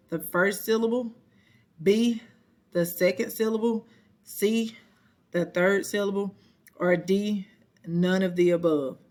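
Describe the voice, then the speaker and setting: A measured, unhurried voice reads a simple science passage and multiple-choice questions aloud. The delivery is careful, with a pitch that sits in the middle. Now and then the reader stops to correct a slip. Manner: slow, careful reading with self-corrections. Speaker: reading lesson reader. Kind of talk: reading a lesson aloud.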